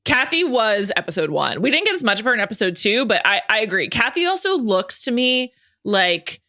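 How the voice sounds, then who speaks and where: A woman's voice: a little high, sing-song, a little fast, sharp tone, no echo, clean studio sound. A woman hosting a podcast in casual chat, enthusiastic and talkative with lots of fillers. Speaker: podcast host.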